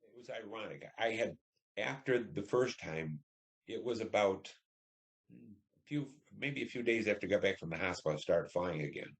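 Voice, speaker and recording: A man's voice: lowish voice, lively intonation, normal speed, vocal fry. A man in his seventies, a Vietnam War veteran, telling his wartime memories in an oral history interview and acting out the dialogue as he goes. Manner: plain storytelling, acts out dialogue.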